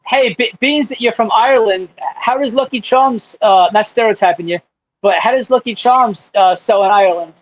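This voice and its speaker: A man's voice: sits high, moderate pace. A man guest in a casual chat who tells stories with a lot of stumbling and restarts. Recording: muffled lo-fi audio.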